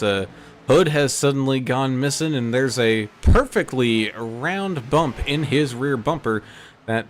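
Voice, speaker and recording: A man calls an online sim race in a relaxed, folksy way, often pausing on filler words. His voice sits at a middling pitch. A faint hiss of noise sits under the recording. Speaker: race commentator. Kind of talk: play-by-play sim racing commentary.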